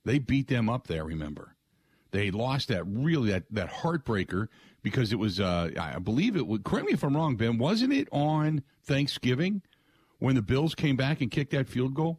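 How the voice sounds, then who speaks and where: A middle-aged man hosting sports talk radio, excitable and rambling, often putting on other people's voices. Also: mid-range voice, husky, no room sound. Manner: excitable, mimics voices, frequent restarts.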